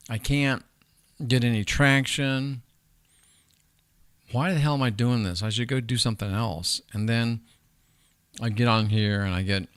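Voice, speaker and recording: A man hosts a livestream in a loose, rambling way, swearing freely and speaking directly to the viewers in his chat. His voice sits fairly low but has a bright, forceful edge. The sound is close and dry, with no room echo. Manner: profane, rambling, talks straight to chat viewers. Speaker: livestream host.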